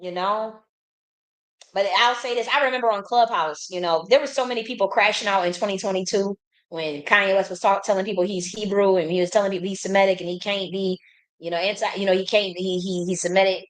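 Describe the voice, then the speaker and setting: A woman in her thirties from the United States, telling a long casual story in a blunt, profane and animated way, with many restarts. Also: mid-range voice, brisk, poor audio. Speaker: host.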